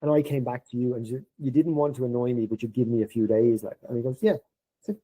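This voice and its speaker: A man's voice: mid-range voice, quick pace, husky, poor audio. A middle-aged man, a podcast guest, telling workplace stories in casual conversation and acting out the dialogue in a lifted voice. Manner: animated, acts out quoted dialogue in a raised voice.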